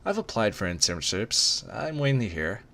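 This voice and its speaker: A man voicing a nervous, giddy young woman in an amateur dramatic reading, pitching his voice up into a breathless, girlish tone. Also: very animated, normal speed, bright, forceful tone, heavily acted. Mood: flustered.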